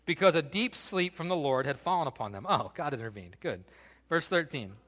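Animated preacher in a reverberant hall. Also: male voice, on the high side, fairly quick. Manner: animated storytelling with casual asides. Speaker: pastor. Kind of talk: sermon.

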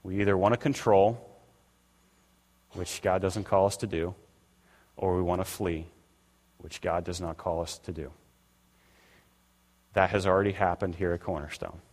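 A man's voice: sits low, steady tone, moderate pace, long pauses, a little mellow. An older man preaching a conversational sermon as pastor, acting out the voices he quotes. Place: church sanctuary. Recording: long reverb of a church hall.

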